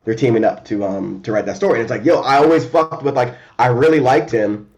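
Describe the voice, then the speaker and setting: A man in a casual remote chat, talking fast and loose with lots of fillers, restarts and swearing. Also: medium pitch. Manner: animated and profane, many fillers and restarts. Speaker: podcast co-host.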